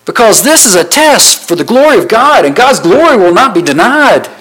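A man's voice: high-pitched, very animated, moderate pace, few pauses, fairly bright tone, husky, low-quality recording. A man preaching a sermon, reading scripture verses and asking the listeners questions, stressing his points with short repeated phrases. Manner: asks the listeners rhetorical questions; emphatic repetition of short phrases.

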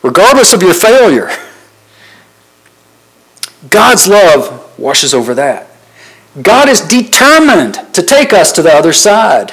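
Speaking slowly with frequent pauses, this preacher has a high, slightly bright, husky voice that swings widely in pitch. He reads scripture aloud, asks his listeners rhetorical questions, and drives points home by repeating short phrases emphatically. The recording is rough.

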